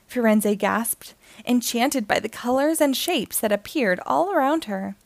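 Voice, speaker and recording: A woman reading a children's picture book aloud, telling the story in a gentle, expressive way. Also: a little high, a little slow, creaky, few pauses, dry recording.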